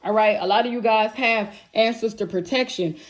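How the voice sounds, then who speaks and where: Wanita pembaca tarot yang blak-blakan dan kasar. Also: female voice, a little high, normal speed. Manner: blunt, profane, emphatic, addresses viewers as y'all. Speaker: tarot reader. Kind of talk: channeled tarot reading to camera.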